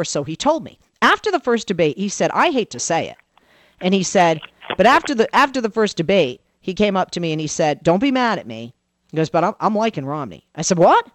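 A woman political commentator, a guest on a radio talk show, telling an animated story and acting out the dialogue she quotes. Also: fairly low pitch, no echo.

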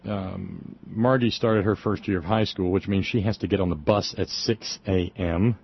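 A middle-aged man, co-hosting casual radio talk, halting with wry humor. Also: low voice, fairly even intonation, vocal fry, breathy edge, lo-fi sound. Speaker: co-host.

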